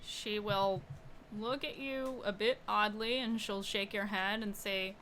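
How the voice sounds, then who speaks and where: A woman's voice: medium pitch, fairly even intonation, unhurried, fairly bright tone, a little hiss or hum. A woman narrating as game master, slipping into townsfolk voices now and then.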